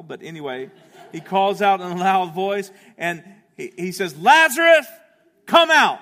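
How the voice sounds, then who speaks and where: A male pastor preaching an Easter sermon, swinging from rousing shouts down to hushed, quiet appeals. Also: a little high. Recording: echoey hall, long reverb.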